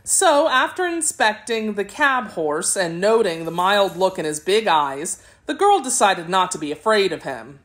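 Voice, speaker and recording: A woman narrates a classic children's book for an audiobook. Her reading is measured and expressive, with a lively, moving pitch that follows the story. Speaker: audiobook reader.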